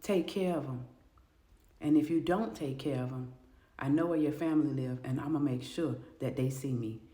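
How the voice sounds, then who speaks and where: A woman voicing a smooth-talking, controlling man who turns captor, speaking low, calm and slangy. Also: moderate pace. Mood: menacing. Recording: echoey room.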